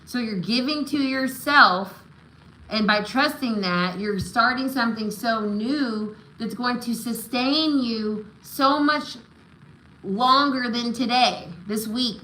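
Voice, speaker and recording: A woman's voice: on the high side, slow pace, bright, forceful tone, echoey room, poor audio. A woman giving live tarot and oracle readings, affirming and encouraging, often checking in with "right?" and "okay?". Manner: emotional, spiritual encouragement. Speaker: tarot reader.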